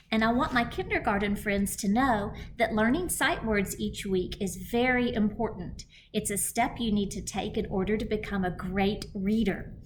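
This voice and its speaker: A woman teaching a kindergarten phonics lesson, sounding out letters clearly and deliberately for young children. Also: mid-range voice, slight background noise.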